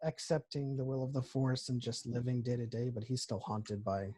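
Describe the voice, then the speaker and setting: A man's voice: medium pitch, fairly even intonation, normal speed, dark tone, slightly rough. Rambling man in casual podcast chat. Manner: rambling, thinks aloud mid-sentence. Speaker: podcast co-host.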